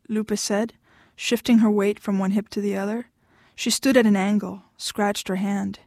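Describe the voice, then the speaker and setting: A mid-range female voice reads a novel aloud as an audiobook narrator, keeping her storytelling steady and measured. It's scripted narration captured dry, at studio quality.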